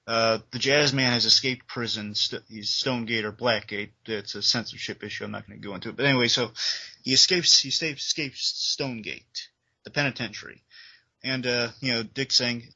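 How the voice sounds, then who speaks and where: Excitable man retelling a cartoon scene. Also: medium pitch, a little fast, dull audio. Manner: enthusiastic, retells scenes with sound effects. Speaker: co-host. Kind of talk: casual review chat.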